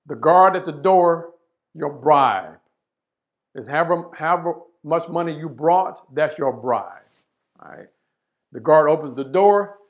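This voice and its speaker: A man giving a leadership webinar talk, telling a parable and often checking in with "right?". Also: fairly high pitch. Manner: storytelling, acts out voices, frequent "right?". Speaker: leadership speaker.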